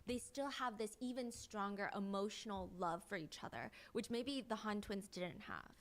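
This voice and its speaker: A woman's voice: mid-range voice, animated, moderate pace. A woman telling a true crime story in a casual, chatty way and speaking to viewers directly.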